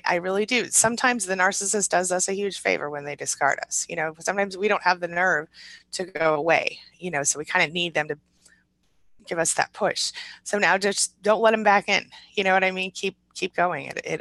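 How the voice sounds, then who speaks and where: A woman hosting a live support stream, chatting quickly and reading out viewer comments with many restarts and fillers. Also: on the low side, creaky, dry recording, poor audio. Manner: quick, warm-hearted talk with restarts and fillers. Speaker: live-stream host and recovery coach.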